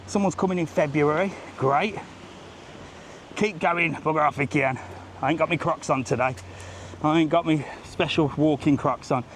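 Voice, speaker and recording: Man, middle-aged, jokey ranting vlogger, walking outdoors, handheld phone, slightly high voice, faint traffic behind. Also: fairly even intonation, normal speed, fairly bright tone. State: out of breath. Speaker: travel vlogger walking live. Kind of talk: live walking vlog chat. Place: outdoors on a sunny seafront street. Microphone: phone held while walking.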